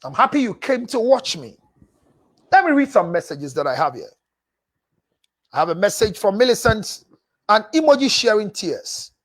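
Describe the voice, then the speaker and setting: A man's voice: sits high, very animated, normal speed, long pauses. A man working as a relationship counselor on a live show. He reads viewer messages aloud and answers them in an emphatic, preachy way, repeating phrases for stress and calling listeners "my dear.".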